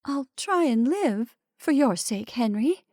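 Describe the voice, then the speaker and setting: A woman voicing a meek, sly wife who talks softly in a high, plaintive voice. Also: lively intonation, slow pace, dry recording, clean studio sound, exaggerated voice. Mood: tearful.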